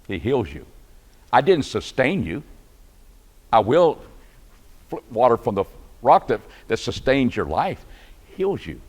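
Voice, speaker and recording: A man with a Texan accent teaching a church Bible class, conversational and asking his listeners questions. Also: mid-range voice. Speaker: preacher.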